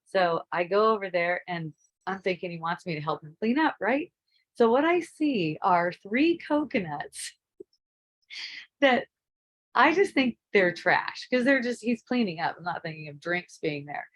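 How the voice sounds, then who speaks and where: A woman casually telling a personal story, relaxed and rambling, laughing often. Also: medium pitch, measured pace, rough recording. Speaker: spiritual teacher.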